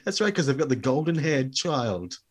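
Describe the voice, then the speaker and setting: A man co-hosting a casual chat about comedy records, measured and wry, with some fillers. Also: medium pitch, very animated, husky. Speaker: podcast co-host.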